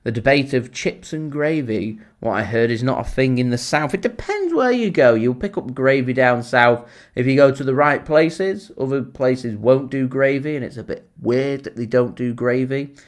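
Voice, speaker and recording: A man's voice: mid-range voice, moderate pace. A man with a Lancashire accent hosting a live football watchalong, chatting at length and answering viewer comments. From Lancashire, England. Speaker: fan channel host.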